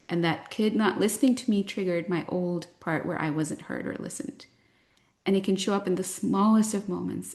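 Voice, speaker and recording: A woman in her thirties, a parent coach, talking to a parent group in a reflective, gently explanatory way and telling personal stories. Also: mid-range voice.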